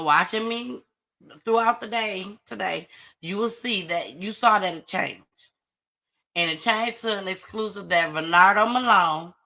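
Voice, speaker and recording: A woman hosting a casual live-stream gossip show, chatty and animated as she greets viewers. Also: fairly low pitch. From Atlanta area. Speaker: host of a live online gossip and news show.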